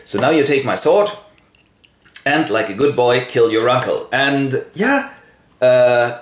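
A man's voice: mid-range voice, expressive, takes it slowly. A man voicing a commanding ghost of a dead king in an iron mask, in mock-grand villain style, recorded in an echoey room. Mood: solemn.

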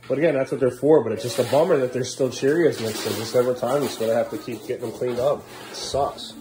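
A man in his thirties filming a casual home vlog as a father, coaxing his young kids upbeat, then dropping to low tired asides for the camera. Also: quick pace. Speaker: father and vlogger. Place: family home indoors.

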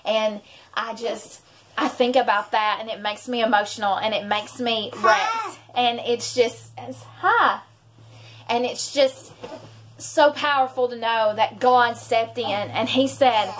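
A woman's voice: fairly high pitch, measured pace, fairly bright tone, slight background noise. Heartfelt woman sharing her testimony. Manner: heartfelt, rambling with restarts. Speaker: vlogger and mother. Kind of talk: emotional personal testimony.

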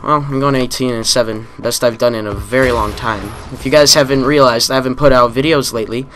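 A man's voice: medium pitch, steady tone, a little fast, fairly bright tone, slight background noise. Frustrated man ranting over gameplay. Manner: ranting, frustrated, swearing often. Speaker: gaming channel host. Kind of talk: live gameplay commentary. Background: game gunfire.

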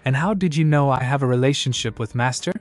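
Earnest, formal young centaur swordswoman, read by a man; old-fashioned diction, mid-range pitch. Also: fast talker, faint music behind, natural voice.

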